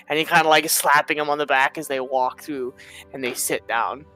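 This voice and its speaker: A man's voice: fairly high pitch, steady tone, fairly quick, bright, forceful tone, soft background music, low-quality recording. A man from Minnesota, narrating a tabletop game as game master in a chatty, rambling way. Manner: chatty, rambling with repeated restarts.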